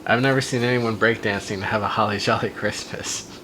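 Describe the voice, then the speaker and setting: A man reading a silly fan story aloud for a comedy podcast, with deadpan asides on its plot. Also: lowish voice, brisk, a little hiss or hum, poor audio. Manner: amused, reads dialogue in a flat deadpan with asides.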